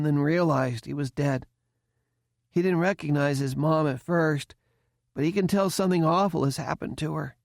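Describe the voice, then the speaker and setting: A man's voice: on the high side, no room sound, clean studio sound, voice pushed up. A man voicing a young, earnest male cadet who stammers and grows anxious. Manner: stammering, anxious, rising into panic.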